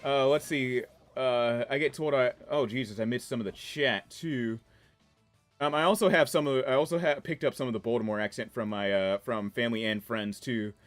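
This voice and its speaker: Faint music sits behind a steady, mid-range male voice at normal speed. The speaker, a man in his twenties from the Washington DC area with a mix of DC-area and New York accent, reads chat on a casual game stream, chatty and rambling with frequent laughter.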